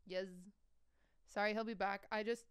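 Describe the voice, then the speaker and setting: Playful young woman streamer, smooth voice. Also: mid-range voice, fairly even intonation, dry recording, studio quality. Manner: playful, joking and quick to laugh. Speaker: live streamer. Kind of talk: casual live-stream chat. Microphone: streaming mic, with earbuds.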